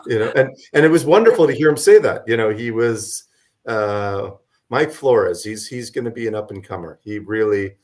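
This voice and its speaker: A man with a lowish voice that is worn and hoarse from a long night speaks as a radio guest. He meanders and hesitates, with many "um"s and restarts, as he recaps what happened. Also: lively intonation, normal speed, darkish tone. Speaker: guest, local political organizer. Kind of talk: radio interview, recapping events.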